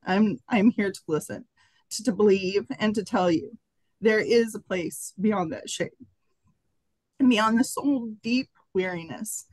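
A woman reading a personal piece aloud, emotional and halting. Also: medium pitch, a little mellow, no room sound, low-quality recording. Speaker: workshop participant reading her writing. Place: conference workshop room.

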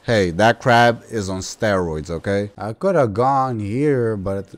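A young man giving casual gameplay commentary as a YouTuber, excitable and slangy, yelping and talking back to enemies. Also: lowish voice, slow pace. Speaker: gaming YouTuber.

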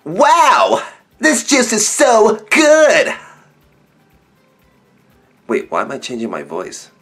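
A man voicing an amazed juice drinker in a comedy skit, talking slowly in a very deep, altered voice. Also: wildly swooping pitch, fairly bright tone, soft background music, full character voice.

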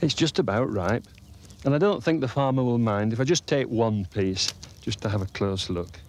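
A man presenting a children's TV show, talking gently and chattily as he explains things to children. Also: medium pitch, normal speed, a little hiss or hum.

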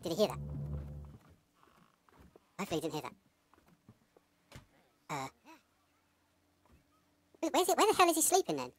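A woman's voice: mid-range voice, normal speed, pauses often. A woman commentating her own gameplay, swearing, laughing and talking to herself as she reacts to the game. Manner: excitable, swears a lot, talks to herself, yelps and laughs. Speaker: gamer playing a horror game.

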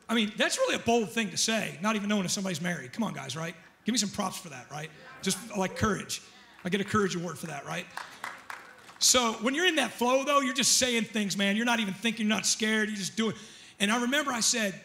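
A middle-aged man preaching a sermon in church, his voice very high and ringing bright. He tells a story with jokes and asides, then climbs into loud, fervent prayer. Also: fast. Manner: animated, joking storyteller who shouts at peaks. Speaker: pastor.

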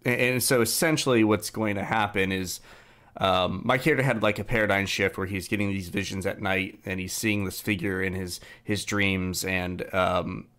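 In a low, steady voice with a fairly bright tone, a young podcast host chats at normal speed. He rambles casually through a story about his tabletop game character, leaning heavily on fillers.

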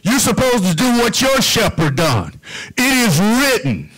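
High-voiced preacher man, rhythmic sermon. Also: huge pitch swings, unhurried, fairly bright tone, breathy edge, rough recording. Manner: rhythmic, call-and-response preaching.

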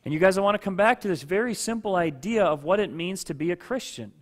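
Male pastor with a somewhat high voice giving a chatty sermon and drawing in listeners by name. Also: lively intonation, fast talker. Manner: talks to listeners by name, asks for agreement. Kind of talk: conversational sermon.

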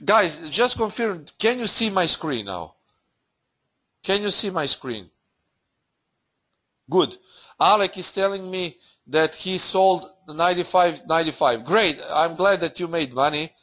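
A man hosting a live trading webinar, talking through charts in halting, unscripted full of fillers and restarts. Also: fairly high pitch, lively intonation, a bit bright. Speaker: forex trading webinar host.

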